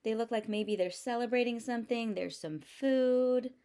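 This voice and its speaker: A teacher reading a picture book aloud to young children, expressive and explanatory. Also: female voice, fairly high pitch, normal speed.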